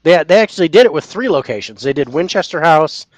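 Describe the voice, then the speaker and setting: A podcast co-host with a high voice that swoops up and down as he tells a story. He acts out his own shocked outbursts. The sound is close and dry, with no room behind him. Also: animated, fast, no room sound. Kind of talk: casual paranormal podcast chat.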